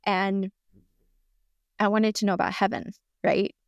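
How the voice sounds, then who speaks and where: A middle-aged woman speaks as a podcast guest, recounting her story in a lively, chatty way and tripping over fillers and restarts as she goes. Her voice sits in an ordinary middle range. The sound is close and dry, with no room around it. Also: mid-range voice, unhurried, smooth, no echo, muffled recording. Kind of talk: casual storytelling in conversation.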